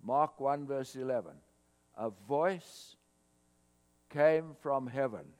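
A man preaching a sermon to his congregation, swelling louder on scripture quotes. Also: mid-range voice, slow. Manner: expressive preaching, rising loud on scripture quotes. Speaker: pastor. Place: church hall, cold morning. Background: mains hum.

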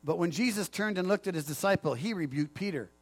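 A man pastor preaching in a conversational sermon style. He jokes with people in the pews. His voice sits fairly high for a man. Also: lively intonation, fast.

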